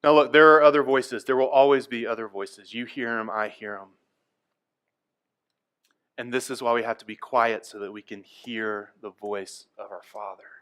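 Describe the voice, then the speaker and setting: A male pastor delivering a sermon, moving between quiet, hushed passages and loud, emphatic ones. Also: medium pitch, steady tone, moderate pace, clean tone. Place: church.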